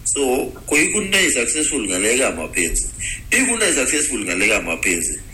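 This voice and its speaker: A man's voice: medium pitch, wildly swooping pitch, fairly quick, sharp tone, a little hiss or hum, low-quality recording. A man talking casually, explaining things step by step and switching between languages mid-sentence. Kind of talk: casual advice talk.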